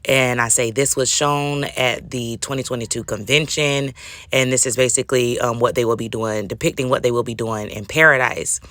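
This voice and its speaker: A woman vlogger telling a story in a casual, animated, slangy way with frequent laughter. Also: rumbling low, normal speed, dry recording. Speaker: YouTube vlogger. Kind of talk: casual commentary vlog.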